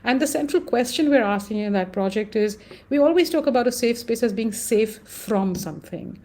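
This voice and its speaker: Speaking as an interview guest, this woman has an Indian English accent and a slightly high voice. Her conversational delivery is thoughtful yet animated, and she often pauses with fillers.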